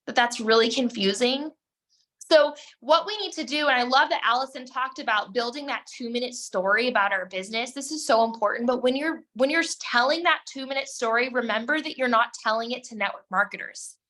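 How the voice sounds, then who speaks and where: A woman's voice: fairly high pitch, a little fast, pushed and bright. A woman coaching her team on a video call, direct and emphatic, speaking straight to her listeners. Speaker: network marketing team coach. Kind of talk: motivational team call talk.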